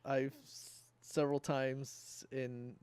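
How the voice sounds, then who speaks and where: A man co-hosting a game podcast in casual chat, speaking in halting, stop-start phrases. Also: medium pitch, little pitch movement, darkish tone. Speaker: podcast co-host.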